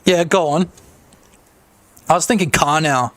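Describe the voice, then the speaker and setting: Excitable, swearing male game-dev streamer. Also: on the high side, unhurried. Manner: excitable, profane, rambling. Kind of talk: casual livestream chat.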